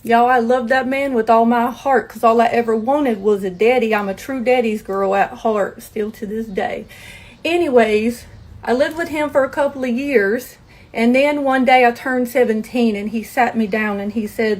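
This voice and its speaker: A woman's voice: on the high side, steady tone, moderate pace, a little mellow. A woman from North Carolina with a Southern accent, telling a blunt, profane storytime to her viewers. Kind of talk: casual storytime monologue.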